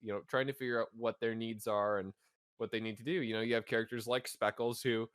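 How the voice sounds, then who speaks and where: A man's voice: mid-range voice, steady tone, fast, a bit bright, clean tone, no room sound, studio quality. A young man co-hosting a podcast, talking earnestly and analytically in casual chat, often restarting his sentences. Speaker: podcast co-host.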